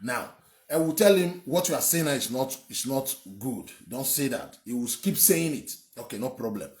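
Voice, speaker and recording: A man's voice: mid-range voice, animated, moderate pace, darkish tone. Fired-up Nigerian man, echoey room. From Edo State, Nigeria. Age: young adult. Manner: emphatic, rambling, repeats words, swears. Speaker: online commentator. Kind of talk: heated political commentary.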